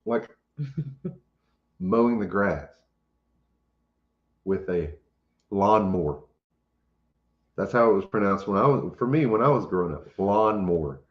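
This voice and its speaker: A man's voice: fairly low pitch, moderate pace, long pauses. A man hosting a casual chat, playful and teasing, laughing often. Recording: roomy, slightly dull recording.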